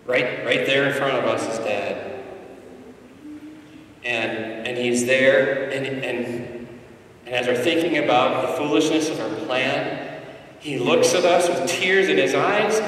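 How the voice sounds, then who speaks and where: Preacher in an echoey hall. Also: male voice, mid-range voice, lively intonation, takes it slowly, recorded from a distance, slight background noise. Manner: storytelling, swings from hushed to loud and emphatic. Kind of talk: sermon. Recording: echoey hall, mic from afar.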